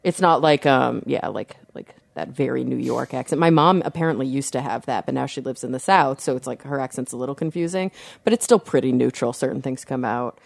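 A woman chatting casually on a podcast, animated and acting out quotes. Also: a bass voice, fairly quick, vocal fry, dry recording.

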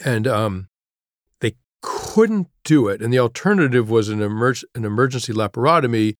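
A middle-aged man, a guest author, telling a personal story in an interview, halting and reflective, dropping to a hush at grave moments. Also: mid-range voice, animated, dry recording, studio quality.

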